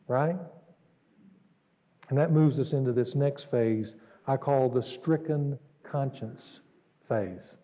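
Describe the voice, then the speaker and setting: A man pastor delivering an earnest, dramatic sermon, jumping between raised exclamations and hushed asides. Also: on the high side. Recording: dull recording in a reverberant hall.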